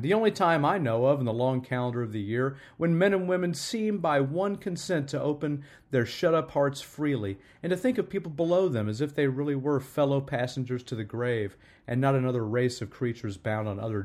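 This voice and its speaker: A man voicing a cheerful, earnest young nephew, with a bright, rising delivery in a storybook reading. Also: medium pitch, lively intonation, moderate pace, hardly any pauses, natural voice.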